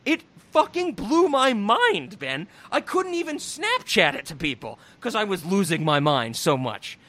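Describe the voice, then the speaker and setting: A young man on a podcast, recapping a movie in casual comedic chat, swearing, laughing and acting out the characters. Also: high-pitched. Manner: animated, profane, laughing, acts out characters in quick voices. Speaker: podcast host reviewing a movie.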